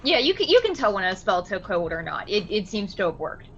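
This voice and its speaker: A woman's voice: mid-range voice, sing-song, a little fast, a bit bright, lo-fi sound, slight background noise. A woman running a tabletop role-playing game as game master, narrating casually. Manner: casual, with laughs.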